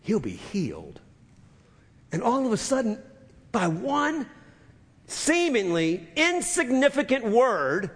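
Male pastor, high and husky, emphatic repeating sermon style, long reverb of a big sanctuary. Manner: retells scripture with emphatic repetition, dropping to soft intensity. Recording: long reverb of a large hall.

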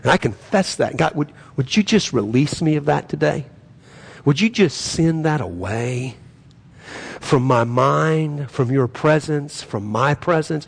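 A man's voice: a little high, animated, measured pace, gravelly, slightly rough. A man preaching as a pastor and praying in an earnest, pleading way, his emphasis swelling. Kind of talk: sermon and prayer.

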